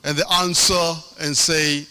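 A man's voice: fairly high pitch, level tone, measured pace, pushed and bright, a little hiss or hum. A middle-aged man preaching a sermon, impassioned, with a sing-song cadence and lots of repetition.

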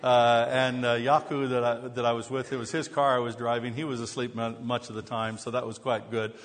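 Speaking a bit quickly in a flat, medium-pitched voice, a man delivers a sermon as pastor. He tells humorous stories at his own expense and then turns to scripture, all echoing with long hall reverb.

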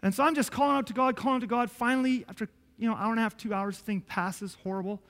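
A man preaching an emotional sermon in a high, bright voice that rings through a hall with a long reverb. He tells a personal story, dropping to a hush, then climbing to loud, pleading outbursts. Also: steady tone, fast. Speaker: pastor.

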